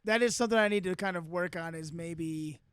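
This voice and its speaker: A man's voice: sits high, fairly quick, a bit bright, clear, resonant tone, dry recording, studio quality. A young man co-hosting a comedy podcast in laid-back casual chat, trailing off and laughing easily.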